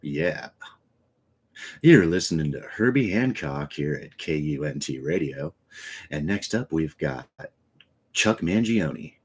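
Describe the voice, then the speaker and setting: A man doing a deep, slow smooth-jazz radio DJ. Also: animated, heavily acted. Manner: slow, low, velvety radio patter. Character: smooth late-night male jazz radio DJ.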